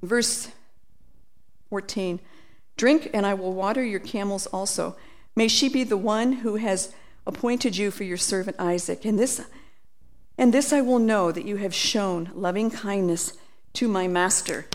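A woman preaching a sermon, animated, acting out quoted voices and reading scripture aloud. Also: medium pitch, a little slow.

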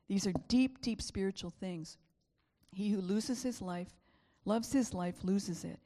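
A woman's voice: lowish voice, measured pace, vocal fry, mellow, long reverb tail. A woman preacher giving an emphatic, repetitive sermon and sometimes dropping to a whisper.

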